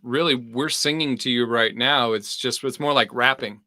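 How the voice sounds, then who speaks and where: A man's voice: medium pitch, normal speed, pushed and bright, no room sound. A man co-hosting a casual spiritual podcast, talking in a flowing, enthusiastic and slightly preachy way.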